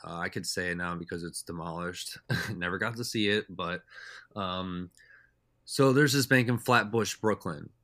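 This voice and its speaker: A man's voice: low voice, moderate pace, bright, forceful tone, dry recording, studio quality. A young man telling stories as a podcast guest in a loose, rambling way, full of "like" and "uh". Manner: rambling, heavy with "like" and "uh" fillers. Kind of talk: casual storytelling chat.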